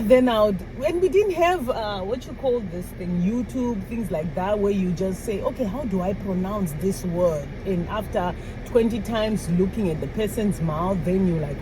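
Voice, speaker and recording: Speaking in a mid-range voice against a noisy background, a non-US woman vlogger casually recounts to camera how she learned to speak like the locals in her new country. She acts out small dialogues and laughs as she goes.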